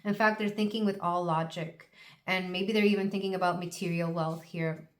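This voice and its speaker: A woman's voice: on the low side, fairly even intonation, normal speed. A woman doing a solo tarot reading, talking in a loose, musing, chatty way. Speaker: tarot reader.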